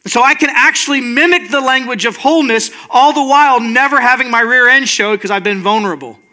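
A man's voice: very high-pitched, brisk, sharp tone. A male pastor giving a casual, earnest sermon, often checking in with his listeners. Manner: informal, earnest, checks in with "right?". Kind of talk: conversational sermon.

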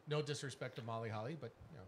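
A man hosting a wrestling podcast, relaxed and jokey, rambling with fillers. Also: medium pitch, racing, a little hiss or hum. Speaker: podcast host. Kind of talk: casual wrestling chat.

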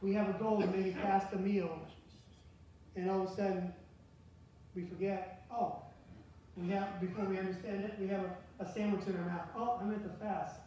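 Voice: mid-range voice, level tone, moderate pace, mellow. A pastor giving a conversational sermon, asking the congregation questions as he goes. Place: church sanctuary. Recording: very echoey church from far off, faint hiss.

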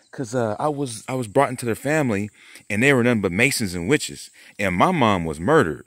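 A man with a fairly low voice talks straight to his viewers in a loose, rambling way, full of swearing and slang. He pieces his story together as he goes, in a conspiratorial tone. The sound is dry and close, with no room around it. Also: a bit bright, no room sound. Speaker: vlogger and painter. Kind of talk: rambling casual monologue to camera.

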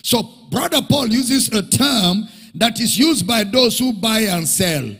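A male preacher with a high, lively voice that climbs and falls widely as he teaches, unhurried and emphatic. His tone is gravelly and husky, and it carries with a long reverb through a large church hall. He repeats key phrases and draws responses from the congregation. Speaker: pastor. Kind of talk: sermon.

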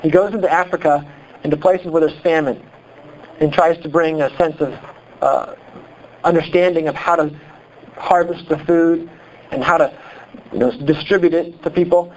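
A pastor from Iowa with a Midwestern accent, preaching a sermon in an animated, conversational way full of rhetorical questions. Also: male voice, on the high side, moderate pace, long pauses, highs cut off. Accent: Midwestern American.

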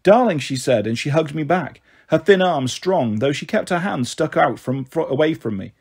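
A man reading a children's novel aloud as a storyteller, in a calm, even manner. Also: on the high side, moderate pace, gravelly, breathy edge.

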